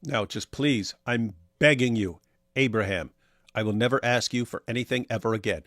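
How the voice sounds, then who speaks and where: A man's voice: medium pitch, normal speed, a bit bright, dry recording, studio quality. A man co-hosting a casual livestream, joking around and reading viewer comments aloud in put-on voices. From Australia. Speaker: co-host reading live chat.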